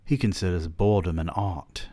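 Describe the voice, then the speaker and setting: A man's voice: deep voice, moderate pace, warm tone, dry recording. A man voicing an aloof older male writer with a British accent, speaking in clipped, dry pronouncements.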